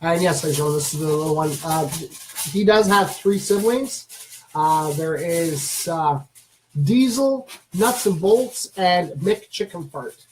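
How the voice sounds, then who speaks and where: A man on a casual livestream, talking about and cooing softly to a baby pet lizard, with many fillers. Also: on the high side, unhurried, slight background noise, low-quality recording. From Canada. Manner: chatty, many fillers, coos softly at the animal. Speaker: streamer showing a pet lizard.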